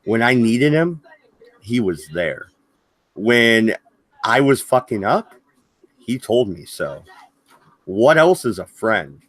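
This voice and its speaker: A man's voice: lowish voice, big pitch swings, slow pace, long pauses, dry recording. A man hosting a livestream, ranting angrily and swearing heavily. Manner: heated, profane, swearing often. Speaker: livestream host. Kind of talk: angry livestream rant.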